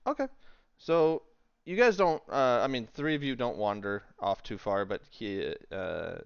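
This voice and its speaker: A man's voice: medium pitch, expressive, measured pace, creaky, smooth, dry recording, dull audio. A man narrating as game master, hesitant and full of fillers, laughing easily.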